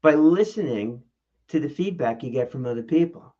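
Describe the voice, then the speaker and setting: Man, casual vlog host, lively rhetorical style, muffled recording. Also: normal speed. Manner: animated, rhetorical questions, shifts pitch for emphasis. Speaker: vlog host and speaking coach. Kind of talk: casual talking-head vlog. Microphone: camera mic.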